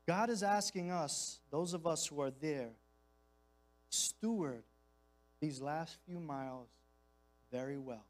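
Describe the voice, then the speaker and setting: Heard through a low-quality recording, this guest preacher speaks slowly in a higher voice, pausing often. His sermon mixes passion with a conversational tone, casual slang and repeated phrases.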